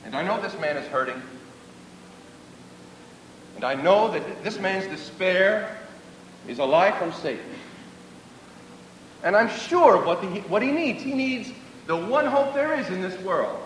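Earnest preacher in an echoing hall. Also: male voice, animated, a little slow, long pauses. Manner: earnest, repeats phrases for emphasis. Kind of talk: sermon. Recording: echoey hall, distant mic, faint rumble.

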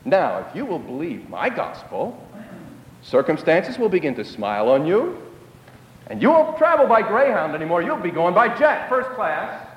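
A man's voice: sits high, huge pitch swings, normal speed, highs cut off. A man voicing a grand male preacher who promises riches to a listener. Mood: promising. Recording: echoey hall.

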